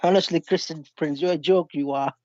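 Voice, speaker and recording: A man's voice: fairly high pitch, steady tone, brisk, dark tone, no room sound. A man calling into a live online debate, who keeps insisting on explaining his point and laughs often. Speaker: debate caller. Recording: dull dry lo-fi call audio.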